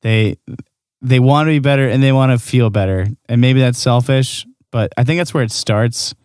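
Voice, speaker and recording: A man co-hosting a podcast in casual chat, measured and agreeable. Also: mid-range voice, a little mellow, clean tone, dry recording, clean studio sound. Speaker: podcast co-host.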